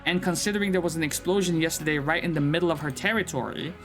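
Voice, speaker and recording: A man voicing a brash, hurried male goblin runner who talks down to the player in a bossy, mocking way. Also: fairly high pitch, fairly bright tone, faint music behind.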